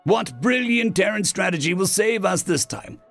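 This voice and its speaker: A man voicing a panicking male alien general with mandibles, high-strung and melodramatic. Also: lively intonation, normal speed, gravelly, a bit bright, soft background music, full character voice. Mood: formal, weary.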